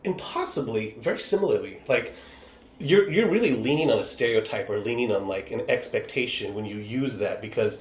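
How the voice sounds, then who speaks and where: American man, improv guest, mid-pitched and animated, slips into voices for quotes, slightly echoey room. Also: brisk. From United States. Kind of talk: casual podcast chat. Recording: roomy echo.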